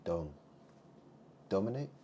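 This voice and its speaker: Low, dark-voiced man rambling. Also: lively intonation, takes it slowly, highs cut off, a little hiss or hum. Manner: muttering asides, swings between loud and hushed. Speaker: vlogger. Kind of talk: rambling monologue to camera.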